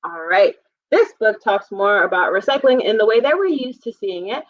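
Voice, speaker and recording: A woman's voice: medium pitch, expressive, normal speed, dry recording, lo-fi sound. Cheerful woman reading a children's storytime. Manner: gentle, encouraging, reads aloud then explains simply. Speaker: children's librarian.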